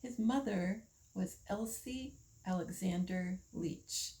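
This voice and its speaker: An older woman from the United States, talking slowly in a casual monologue, musing with pauses and fillers. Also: mid-range voice, dark tone, poor audio. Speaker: vlogger.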